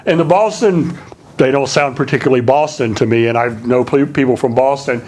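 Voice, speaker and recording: A man's voice: mid-range voice, a little fast, a little mellow. A man with a slight Southern accent giving a public lecture as a linguistics professor. He talks conversationally, with many fillers and restarts.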